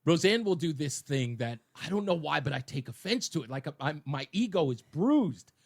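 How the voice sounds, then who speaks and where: A man hosting a radio talk show, chatting casually with a loud, booming, animated delivery in a studio. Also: normal speed. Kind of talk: casual on-air banter.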